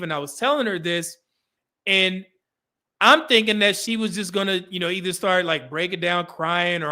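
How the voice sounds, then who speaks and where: Bright-voiced, animated male host. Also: sits high, moderate pace. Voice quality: laughs often while telling stories. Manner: animated storyteller, acts out quoted lines. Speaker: podcast host. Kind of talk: casual livestream chat.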